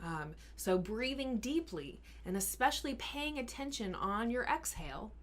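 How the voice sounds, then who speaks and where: A woman health coach answering questions in a live Q&A. She talks in an earnest, encouraging way, explains things step by step, and sometimes slows down and softens her voice to show calm speaking. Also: a little high. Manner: sometimes drops to a slow, soft voice to model calm speaking. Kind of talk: live Q&A advice talk.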